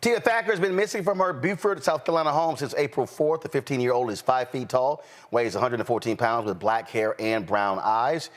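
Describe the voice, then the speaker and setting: A man's voice: medium pitch, a little fast, hardly any pauses, a little hiss or hum. Male host for a news commentary show, emphatic and chatty. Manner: emphatic, conversational.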